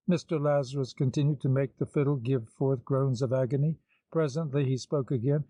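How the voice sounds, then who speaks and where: A man reading an audiobook in measured, scripted narration. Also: mid-range voice, fairly even intonation, no echo, narrow, tinny audio. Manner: measured storytelling.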